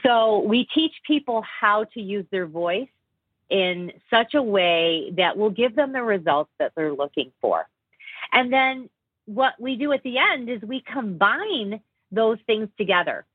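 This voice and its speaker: A woman's voice: medium pitch, a little slow, husky, dry recording. Woman on a tinny phone line. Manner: animated, explanatory, demonstrates voice tones. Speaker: communication trainer, interview guest. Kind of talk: conversational interview. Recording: dry, phone-like call audio.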